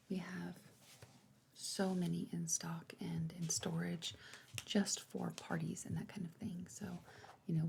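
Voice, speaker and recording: A woman voicing an attentive female party planner in a whispered role-play, softly reassuring as she shows decorations. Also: lowish voice, gravelly, a little hiss or hum. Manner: soft, reassuring sales talk.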